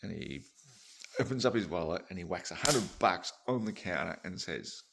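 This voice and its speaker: A deep-voiced man spins a shaggy-dog joke in a loose, meandering way. His voice sits low and crackles with fry. He curses freely and wanders off on asides. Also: expressive, moderate pace, a bit bright. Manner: rambling, swears, laughs at own tangents. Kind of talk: casual joke storytelling.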